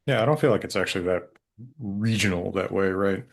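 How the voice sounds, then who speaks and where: A man with a Colorado accent, speaking as a guest in an interview with a slow drawl and a thoughtful, hedging manner. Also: sits low. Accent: Colorado, American West. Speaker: guest linguist. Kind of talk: conversational interview.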